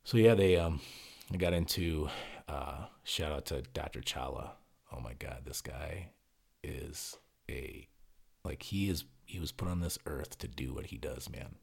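A man with a very low, gravelly voice tells a story in casual podcast chat. He is husky and rough-edged, and he swears freely while acting out each quote. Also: measured pace, darkish tone. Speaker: podcast co-host telling a story.

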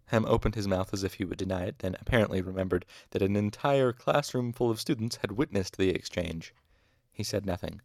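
A man's voice: fairly low pitch, brisk, gravelly, darkish tone, no echo, clean studio sound. A man reading a fantasy novel aloud in casual audiobook narration, with off-the-cuff asides. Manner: casual asides, mild exasperation at hard names. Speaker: audiobook reader.

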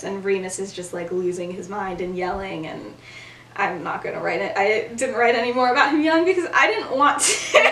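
A woman's voice: mid-range voice, distant mic, slight background noise. Young woman retelling a story in an echoey room. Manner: animated, acts out characters' lines, laughs often. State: has the hiccups. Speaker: podcast host retelling a fan story. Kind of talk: casual storytelling chat. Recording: echoey room, voice a bit off-mic.

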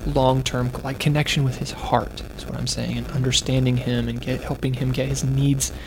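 A man's voice: medium pitch, level tone, moderate pace, noisy background. A man telling a parenting story, acting out quotes and often laughing, in a casual conversation. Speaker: parent sharing advice. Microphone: close to the microphone.

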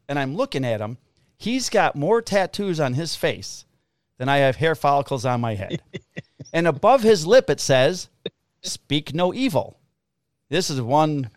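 A middle-aged man, a police officer, telling a story in a casual, profane, animated way. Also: mid-range voice, no room sound, clean studio sound.

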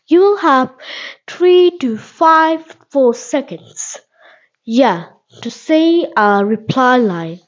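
A woman hosting a spoken English lesson podcast, talking in halting, repetitive simple phrases and checking in with "okay?". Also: high-pitched, lively intonation, muffled recording. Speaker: podcast host and English teacher.

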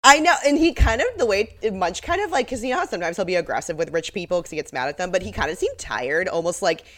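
A woman's voice: lowish voice, animated, quick pace. A woman co-hosting a podcast, casually retelling a TV episode with mock-outraged quips. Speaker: podcast co-host.

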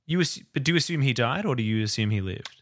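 A man's voice: mid-range voice, animated, rapid-fire, fairly bright tone. A man co-hosting a casual film podcast, joking and interrupting. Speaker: podcast co-host.

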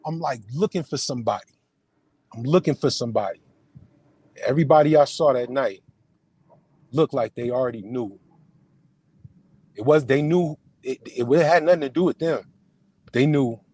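A man, a podcast guest, telling an emotional personal story in casual conversation, halting and full of slang and restarts. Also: medium pitch, husky, no echo. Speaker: podcast guest, film producer and screenwriter.

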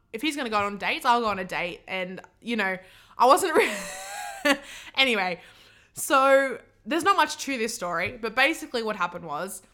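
A woman's voice: medium pitch, bright, forceful tone. A young woman, hosting a podcast and telling stories in a rambling, giggly way full of "like". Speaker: podcast host. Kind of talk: casual storytelling monologue.

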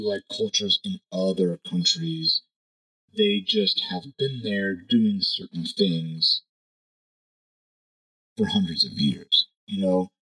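Low-voiced guy thinking out loud on a podcast, casual, keeps asking right?. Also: low-quality recording. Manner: rambling, thinks aloud with frequent "you know" and "right?". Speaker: podcast host. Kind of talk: casual opinion monologue.

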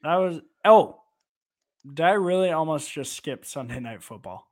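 Guy on a sports podcast, kinda high voice, joking around and ribbing his buddy about picks. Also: lively intonation, normal speed. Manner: playful, teasing. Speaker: podcast co-host. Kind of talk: casual sports betting chat.

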